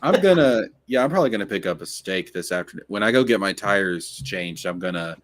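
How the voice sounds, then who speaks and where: Crude joking man, lowish voice. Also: animated. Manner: crude, joking, halting with restarts. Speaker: host. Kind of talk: casual chat.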